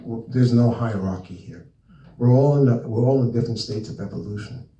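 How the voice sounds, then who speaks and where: A man's voice: medium pitch, a little fast, mellow, dull audio. Storytelling man in a roomy hall. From New Jersey. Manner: storytelling, rambling, acts out dialogue. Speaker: speaker presenting his book. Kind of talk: informal spiritual talk to a live audience. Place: meeting room with audience. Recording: roomy echo, mic at a distance.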